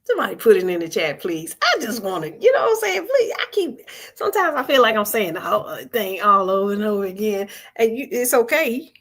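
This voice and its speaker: A woman's voice: a little high, big pitch swings, fairly quick, a bit bright. A woman hosting a weekly spiritual vigil on a live stream, talking informally and earnestly, repeating phrases and coaxing listeners to answer. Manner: colloquial and earnest.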